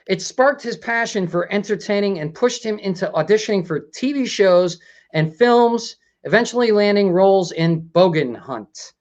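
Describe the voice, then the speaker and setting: A man with a fairly high voice hosts a casual talk show, rambling along and often breaking into laughs. The sound is a little dull and lo-fi.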